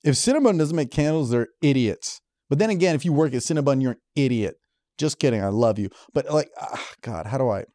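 A man's voice: mid-range voice, a little fast, no room sound. A young man cracks crude, self-mocking jokes as a podcast co-host. His voice swings up and down with lots of life. The sound is dry and close to the mic. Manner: animated, joking, self-mocking. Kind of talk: crude comedy podcast banter.

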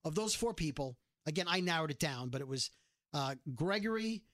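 A man's voice: on the high side, expressive, moderate pace, fairly bright tone, no room sound, studio quality. A man from Brooklyn with a New York accent, co-hosting a podcast in rambling, joking casual chat. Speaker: podcast co-host.

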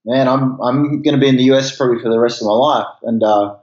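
A man's voice: mid-range voice, fast talker. A man from Australia with an Australian accent, chatting casually as an interview guest. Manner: relaxed, uses Australian slang. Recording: echoey, muffled remote line.

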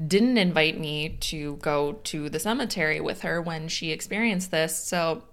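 With a low-pitched, unhurried voice, a podcast co-host from Illinois speaks in a Chicago accent. She chats casually, reads a listener's story aloud, laughs easily, and answers with short, dry replies.

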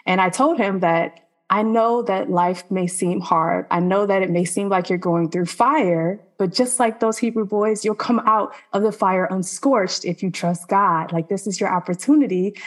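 A woman's voice: medium pitch, moderate pace. A woman telling a personal faith testimony as a podcast guest, earnest and conversational, with many "like" fillers.

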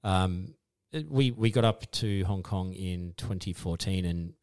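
An Australian man, a podcast guest, telling his story in a modest, halting way with many restarts. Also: low-pitched, darkish tone, dry recording, clean studio sound. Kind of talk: casual interview chat.

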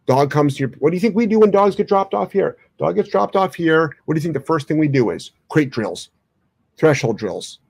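A man's voice: fairly high pitch, lively intonation, fairly quick, gravelly, a little mellow, breathy edge, no echo. Blunt, no-nonsense male dog trainer. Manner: blunt, opinionated, swears casually. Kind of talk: live Q&A answering viewer questions.

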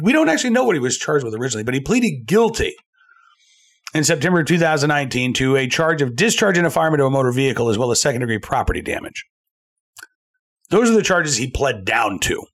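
A man's voice: on the high side, a bit bright. A man hosting a commentary show, delivering an opinionated, sarcastic monologue with frequent "uh" fillers. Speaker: show host.

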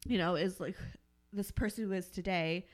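A woman's voice: fairly low pitch, fairly even intonation, moderate pace. Young woman co-host, casual chat, rambling, swears freely. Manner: rambling, heavy filler words, swears, laughs often. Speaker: podcast co-host.

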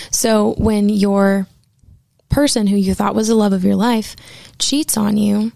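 Candid young woman with vocal fry. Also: medium pitch, flat delivery, measured pace, dark tone, dry recording. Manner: candid and profane, acts out quoted dialogue. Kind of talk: casual personal storytelling.

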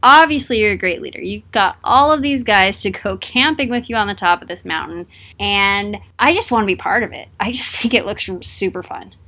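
A woman voicing a scheming, ambitious male leader who talks in a smooth, flattering, wheedling way while telling a story casually. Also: mid-range voice, a little fast.

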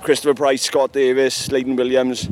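A man from Wales speaks outdoors after a hard race. He is emotional and close to tears, his voice at a middle pitch. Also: level tone, moderate pace, faint music behind. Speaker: race finisher.

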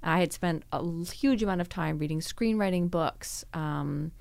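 A woman guest in a casual interview, telling her story in a lively way and acting out the lines of people she quotes. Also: fairly low pitch, normal speed, creaky, no echo. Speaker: podcast guest, actress and screenwriter.

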